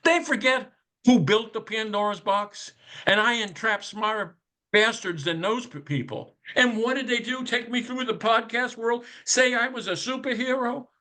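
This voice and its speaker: A man's voice: extremely high pitch, normal speed, sharp tone. A man giving a casual, ranting commentary on a podcast, profane and sardonic, firing off rhetorical questions in a conspiratorial tone.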